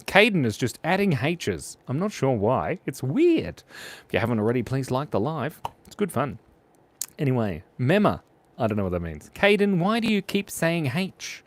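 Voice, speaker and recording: A man's voice: fairly high pitch, very animated, normal speed. A playful man hosting a live drawing stream. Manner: playful and goofy, reads out viewer comments. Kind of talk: casual live-stream chat while drawing.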